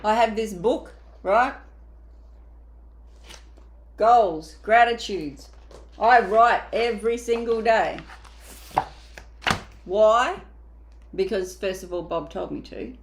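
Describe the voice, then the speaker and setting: A woman's voice: medium pitch, takes it slowly, long pauses, a little hiss or hum. A woman mindset coach giving a motivational coaching talk, emphatic and casual, sometimes acting out inner voices.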